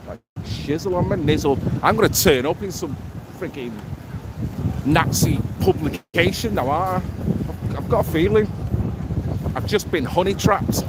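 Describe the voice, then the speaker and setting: A man from Manchester with a Mancunian accent, live-streaming outdoors on a city square, chatting bluntly and jokily with plenty of swearing. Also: high voice. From Manchester, England. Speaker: livestream host. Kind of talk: casual street livestream chat. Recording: loud street noise behind.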